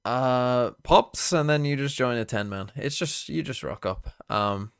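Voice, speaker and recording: A man's voice: medium pitch, unhurried, clean tone, no room sound, clean studio sound. Rambling, swearing esports streamer man. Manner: excitable, swears often, rambling. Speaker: co-streamer on a watch party. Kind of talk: casual esports watch-party chat.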